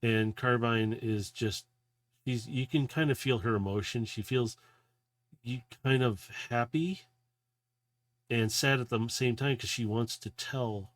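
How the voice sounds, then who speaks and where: A man's voice: mid-range voice, steady tone, a little slow. Casual man narrating as game master. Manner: casual, loose narration with frequent "kinda".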